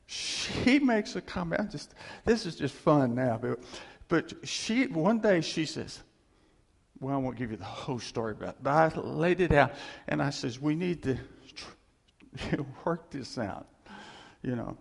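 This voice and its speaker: Middle-aged man, slightly high gravelly voice, animated church testimony, long hall reverb. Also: a little slow. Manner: animated, chuckling storyteller. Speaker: church speaker sharing testimony. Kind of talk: personal testimony to a congregation.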